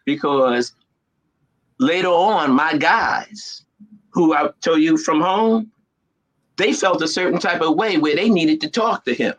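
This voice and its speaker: A comedian guest, a man with a fairly high voice, tells stories at a measured pace in casual chat. He's an animated storyteller who leans on street slang. The audio sounds dull.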